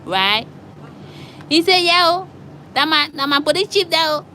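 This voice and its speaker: Woman, bright higher voice, animated storyteller, faint traffic hum behind. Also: a little slow. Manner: animated, acts out both sides of a traffic stop in Liberian English. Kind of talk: casual storytelling.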